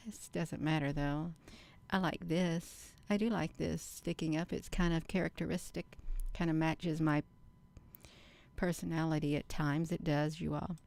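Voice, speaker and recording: Low gravelly woman rambling to viewers. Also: steady tone, a little mellow. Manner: slow, earnest, addresses viewers as "you all". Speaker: channel host. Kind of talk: rambling casual monologue.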